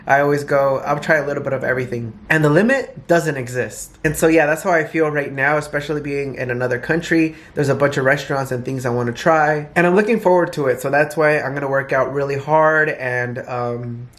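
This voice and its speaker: A young man from California chatting casually to his phone camera in a hotel, animated and laughing often. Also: medium pitch, brisk, few pauses. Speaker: vlogger. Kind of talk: casual vlog chat to camera.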